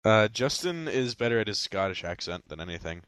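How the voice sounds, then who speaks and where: Man gaming with friends, very low voice, bright edge, joking narration, strained voice. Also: very animated. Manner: joking, mock-narrating, quick to laugh. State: voice strained from shouting. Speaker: gamer chatting with friends. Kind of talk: casual chat over voice chat.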